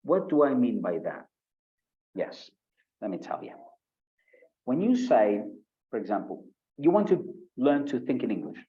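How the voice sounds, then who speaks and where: A Colombian man with a Paisa accent teaches a live online IELTS speaking lesson, animatedly acting out sample answers with shifting pitch. He's heard through a video-call microphone, with the high frequencies cut off.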